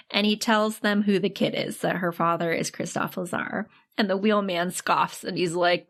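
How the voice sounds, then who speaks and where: A woman hosting a podcast, telling a film's plot in a casual, animated way, often laughing and acting out lines. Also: medium pitch, normal speed, few pauses. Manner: animated storytelling, giggly, acts out quotes. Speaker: podcast host recapping a film. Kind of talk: casual chat.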